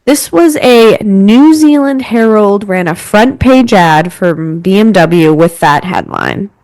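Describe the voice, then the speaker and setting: A woman in her late twenties tells stories on a casual podcast, animated and full of fillers. Her voice sits mid-range and the recording is dry and close. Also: mid-range voice, slow pace, no room sound, low-quality recording. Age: 20s. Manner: animated, chatty storytelling with lots of fillers. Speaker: podcast co-host.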